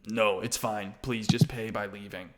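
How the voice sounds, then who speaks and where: A man voicing a gruff, short-tempered shopkeeper. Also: lowish voice, steady tone, measured pace, heavy background noise, lightly acted. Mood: curt. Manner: gruff, curt.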